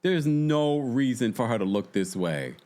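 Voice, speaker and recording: Animated man hosting a reality recap. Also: mid-range voice, a little slow. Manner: exasperated, animated, chatty, talks to the chat. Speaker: podcast host. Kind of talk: casual reality TV recap chat.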